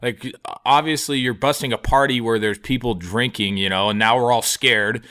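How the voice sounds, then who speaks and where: A man's voice: mid-range voice, steady tone, normal speed, sharp tone. A man in his twenties on a comedy podcast, telling a story in a rambling, profane way, full of fillers. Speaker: podcast co-host. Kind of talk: casual storytelling chat.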